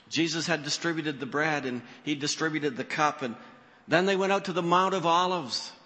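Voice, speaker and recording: A male pastor preaching a sermon in a church sanctuary, his voice bright and ringing. He tells the story with expression, dropping low and rising high as he acts out the quoted lines. A long reverb trails each phrase through the hall.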